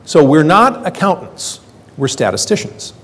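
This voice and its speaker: Older guy giving a talk, bouncy animated voice, jokey, lots of hall reverb. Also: a little high, measured pace. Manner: quipping, plays out quoted voices. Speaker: conference speaker. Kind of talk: lively conference talk. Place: lecture hall.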